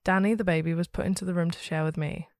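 Podcast host, woman, low pitch, reads ghost stories steadily and expressively. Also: fairly even intonation, fast, darkish tone, dry recording, studio quality. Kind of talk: reading a listener's ghost story aloud.

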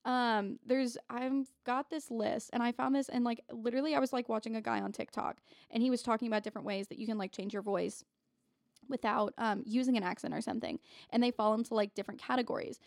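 Gravelly woman chatting casually. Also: fairly high pitch, fairly even intonation, fast, no echo, studio quality. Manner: casual, swears freely, laughs easily. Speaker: podcast co-host. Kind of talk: casual chat.

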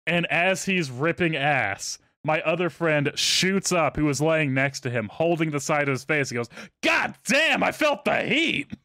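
A man hosting a podcast, telling a story in a relaxed, profane way and trailing off into quiet asides. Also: fairly high pitch, moderate pace, hardly any pauses, dry recording. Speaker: podcast host. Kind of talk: casual storytelling.

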